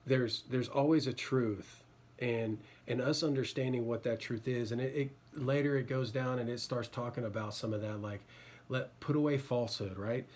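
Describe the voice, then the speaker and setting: A man's voice: mid-range voice, steady tone, normal speed, a little mellow. A man giving an informal sermon, chatting loosely with repeated words and fillers, then reading scripture aloud. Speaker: preacher.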